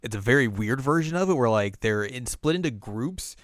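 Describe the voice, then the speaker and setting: A young man co-hosting a podcast, chatting casually and retelling scenes with quick acted quotes. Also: mid-range voice, lively intonation, no echo, studio quality. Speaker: podcast co-host. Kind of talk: casual recap chat.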